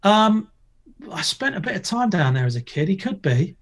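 Joking around and spinning stories on a laid-back podcast, this middle-aged guest, once a skateboarder and TV presenter, swears plenty. He talks at a normal speed in a high-pitched voice with big pitch swings.

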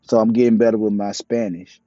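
This man's lowish, mellow voice runs fairly quickly with fairly even intonation, and there's no room sound. He delivers a blunt, profane, opinionated monologue in a preachy street-talk style. The recording comes through a dull, dry, lo-fi mic.

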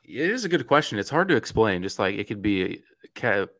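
A man's voice: fairly low pitch, sing-song, brisk, a bit bright, dry recording. A man co-hosting a casual podcast in a laid-back, jokey way. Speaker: podcast co-host. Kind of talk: casual chat.

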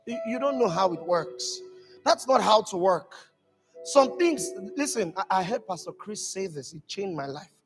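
A male pastor preaches with a high, very lively voice that swings up and down. His delivery is emphatic and animated, climbing to shouted peaks. He was recorded live in a church hall with long reverb and faint music behind him. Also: normal speed. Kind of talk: sermon.

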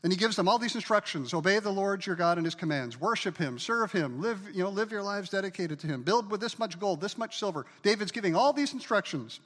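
Brief: man, pastor, high voice, emphatic sermon style, hall reverb. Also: lively intonation, brisk, few pauses, a bit bright. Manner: emphatic preacher, calls for congregation to repeat words.

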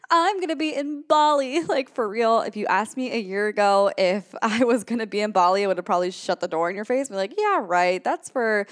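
A young adult woman talks through a solo podcast intro in a bubbly, casual way. She jokes around and her energy keeps jumping up with excitement. Her voice sits at an ordinary middle pitch for a woman. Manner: bubbly, chatty, with playful jokes and bursts of excitement. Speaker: podcast host.

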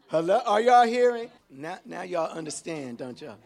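Animated high-voiced male preacher. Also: normal speed, creaky, few pauses, faint music behind. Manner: animated, call-and-response preaching with sudden shifts from hushed to shouted. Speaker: pastor. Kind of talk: sermon.

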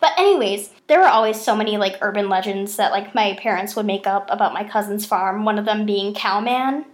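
A young woman telling stories in a casual podcast chat, animated and swearing freely. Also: mid-range voice, brisk. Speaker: podcast host.

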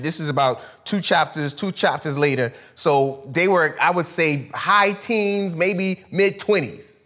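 Guy preaching, real animated storyteller, voice jumps all over, kinda high for a man. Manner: animated storytelling, acts out characters in casual slang. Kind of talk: sermon.

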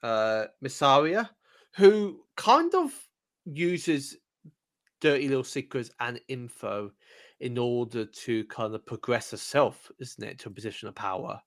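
A man's voice: medium pitch, animated, unhurried. A man co-hosting a podcast review, chatting casually with many fillers and restarts. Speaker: podcast co-host.

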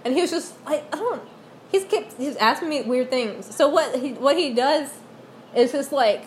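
A woman's voice: high-pitched, lively intonation, normal speed, slight background noise. A young woman telling a rambling story in casual chat, with lots of fillers and giggles.

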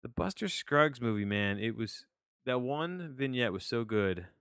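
A man's voice: medium pitch, expressive, measured pace, a bit bright, smooth, no echo, clean studio sound. A man hosting a podcast, reviewing movies in loose, rambling chat full of restarts, self-corrections and offhand swearing.

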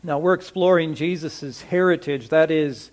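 Conversational preacher with a fairly high voice. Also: male voice. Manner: conversational, asks the congregation questions; slows down to stress scripture quotes. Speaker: pastor. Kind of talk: sermon.

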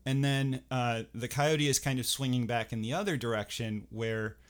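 A man's voice: medium pitch, moderate pace. A man in casual podcast conversation, talking with many restarts and a dry, self-deprecating humor. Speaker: furry performer guest.

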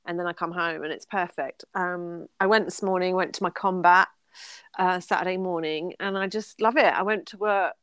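A woman's voice: fairly low pitch, steady tone, normal speed, a bit bright, smooth, no echo. A woman in her forties, co-hosting a podcast, chatting casually and laughing often as she tells stories. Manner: chatty, laughs often, sings snatches of songs. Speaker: podcast co-host. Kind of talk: casual chat.

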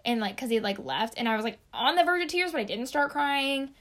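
A woman's voice: high voice, animated, fairly quick, fairly bright tone. A young woman telling a work story in casual chat, rambling and saying "like" constantly. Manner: rambling, heavy use of "like".

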